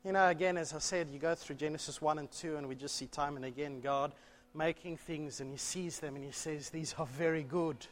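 A man preaching a sermon in church, telling a story with animated delivery and rhetorical questions. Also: a little high, brisk. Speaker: pastor. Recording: long church reverb.

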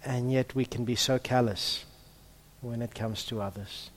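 A man's voice: mid-range voice, measured pace. Man preaching in an echoing hall. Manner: hushed in prayer, then lively and emphatic preaching. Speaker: pastor. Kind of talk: prayer and sermon. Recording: long reverb of a large hall.

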